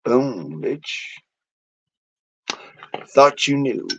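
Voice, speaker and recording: Slow, cursing man on a bitter rant. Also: medium pitch, expressive, muffled recording. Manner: bitter, cursing constantly, swings into hoarse yelling. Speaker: vlogger. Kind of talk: angry profane rant.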